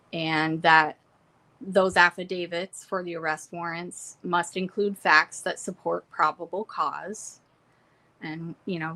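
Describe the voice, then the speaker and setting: A young woman talks through her courtroom notes in a relaxed, chatty way. She reads out quotes from the hearing and drops in quick asides of her own, speaking from a room at home. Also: on the low side. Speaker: trial reporter. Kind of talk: casual trial recap from notes.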